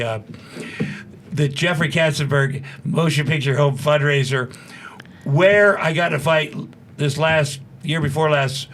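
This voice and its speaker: A man in his sixties telling a story as a studio guest, profane and animated, acting out what people said. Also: fairly high pitch. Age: 60s. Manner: profane, animated, fast-talking storyteller who acts out quotes. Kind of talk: casual storytelling.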